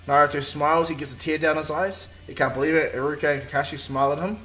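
A man's voice: on the high side, steady tone, fast, few pauses, fairly bright tone, faint music behind. A man retelling a fan-made anime story in a loose, rambling way. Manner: rambling, with fillers and restarts. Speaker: narrator.

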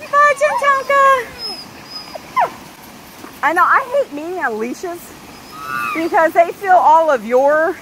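Out by a waterfall with a handheld camera, a woman chatters casually to her dog, laughing often as she coaxes it along. She sounds very high-pitched and expressive, with heavy rushing-water noise behind her.

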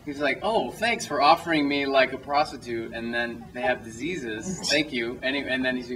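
This is a young filmmaker at a post-screening Q&A in a cinema auditorium with a small audience. He speaks at medium pitch and a moderate pace, far from the mic, with background noise. Rambling and self-interrupting, he tells loose anecdotes, restarts sentences and laughs often.

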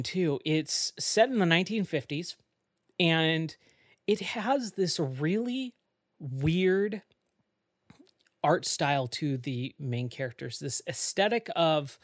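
A podcast host talks on their own in an easygoing, rambling way. They trail into fillers and restart their sentences often. The voice sits at a middle pitch, and the close mic sounds completely dry. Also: no room sound. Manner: rambling, with frequent fillers and self-corrections. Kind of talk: casual solo podcast talk.

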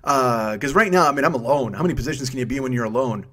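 A man's voice: medium pitch, lively intonation, fast talker, pushed and bright. A man in his fifties hosting a solo comedy podcast, profane and self-mocking, wandering off on tangents. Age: 50s. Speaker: podcast host.

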